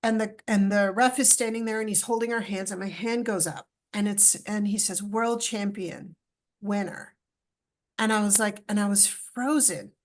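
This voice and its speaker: A middle-aged woman, a podcast guest, telling a personal story with lively acted-out dialogue. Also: medium pitch, a little fast, few pauses. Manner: animated storyteller, acts out dialogue.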